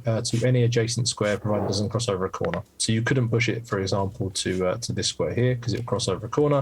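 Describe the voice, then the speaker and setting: A man's voice: medium pitch, a little mellow, slightly rough. A man, a game designer, patiently explaining the rules while demoing his board game, with many fillers.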